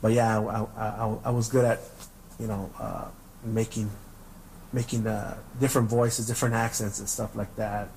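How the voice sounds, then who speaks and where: A man's voice: fairly low pitch, level tone, moderate pace, a little mellow, slight background noise, rough recording. Laid-back profane storyteller guy. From Southern California. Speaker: podcast host. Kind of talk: casual storytelling.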